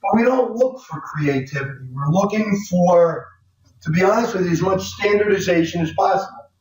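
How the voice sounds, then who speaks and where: A man's voice: high voice, normal speed, a little mellow, far from the mic. A male accounting professor giving a blunt, conversational classroom lecture. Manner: blunt, conversational, acts out client quotes. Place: large echoey lecture hall. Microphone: far from the mic. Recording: echoey classroom recording from afar.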